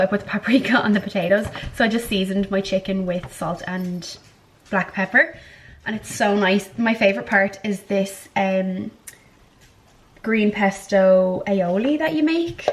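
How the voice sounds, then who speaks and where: A woman's voice: medium pitch, a little hiss or hum, low-quality recording. A woman vlogger talking in a casual, chatty way, poking fun at herself and swearing freely. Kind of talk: casual vlog chat.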